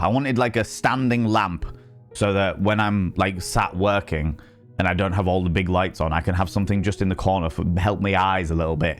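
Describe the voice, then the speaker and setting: A man chatting playfully and casually with his chat during a live stream, tossing out teasing greetings. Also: low-pitched. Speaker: game streamer.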